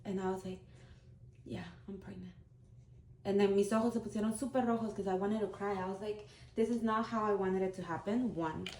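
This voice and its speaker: A woman's voice: mid-range voice, steady tone, fast, few pauses, darkish tone. A woman in her thirties, a vlogger, telling a personal story in a candid, heartfelt, conversational way. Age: 30s. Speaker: vlogger, single mom. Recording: roomy echo.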